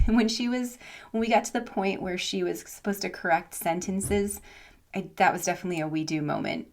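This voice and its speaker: Young american woman vlogging about her online classes, chatty and animated, lots of "like", mid pitch. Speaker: online English teacher. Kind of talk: casual vlog storytelling.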